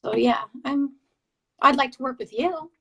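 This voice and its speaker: Excitable woman telling a ghost story, higher voice. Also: vocal fry, a little hiss or hum, low-quality recording. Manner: excitable, halting, many restarts and fillers. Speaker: paranormal investigator guest. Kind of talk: casual interview storytelling.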